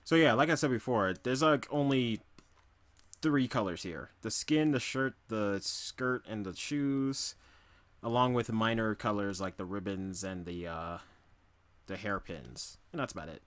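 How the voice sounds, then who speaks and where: A man's voice: fairly low pitch, measured pace. A young man from New York City chatting casually during a live drawing stream, rambling and humming to himself between remarks.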